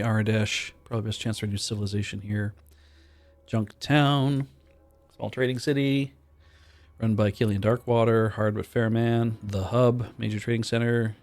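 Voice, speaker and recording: A man's voice: on the low side, a little mellow, close to an everyday voice. A man voicing a matter-of-fact wandering male trader and tinkerer, reading the game's dialogue aloud in a loose put-on Australian accent.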